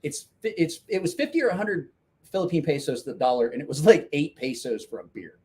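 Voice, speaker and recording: Man, husky voice, lively pitch, profane rambling story, casual chat. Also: a little fast. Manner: profane, rambling anecdote with laughs. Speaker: storyteller guest.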